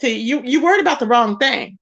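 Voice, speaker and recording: A woman hosting an online commentary show, ranting in a sassy, confrontational way with drawn-out emphatic phrases. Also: on the high side, expressive, fairly bright tone, no echo. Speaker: YouTube commentary host. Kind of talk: casual commentary rant. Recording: dull, lo-fi, dry.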